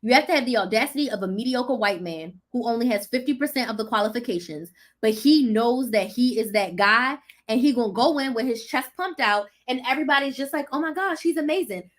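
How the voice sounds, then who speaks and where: Excitable, chatty woman with a raised voice. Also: on the high side, brisk, hardly any pauses. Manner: excitable and animated, slangy and chatty. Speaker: business coach hosting a live stream. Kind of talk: casual live-stream chat.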